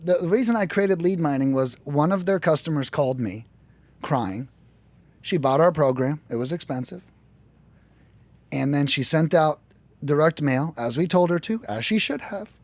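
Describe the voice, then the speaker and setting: An American man telling his work story in a casual podcast chat, animated and profane, often acting out quoted voices. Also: fairly high pitch, normal speed, dry recording. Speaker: podcast guest, lead generation business owner.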